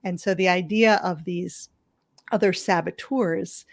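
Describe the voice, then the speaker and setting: A woman physician, a guest on an interview podcast, explaining things calmly and often checking in with "right?". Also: lowish voice, unhurried, no echo. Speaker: palliative medicine physician, guest. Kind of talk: conversational interview.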